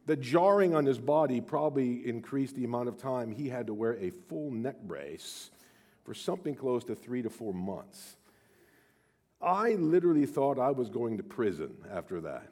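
A middle-aged man giving a sermon, telling a personal story and dropping from emphatic to hushed. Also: mid-range voice, animated, normal speed. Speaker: pastor.

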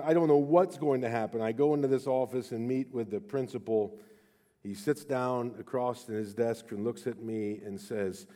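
A middle-aged man giving a sermon, telling a personal story and dropping from emphatic to hushed. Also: medium pitch. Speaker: pastor.

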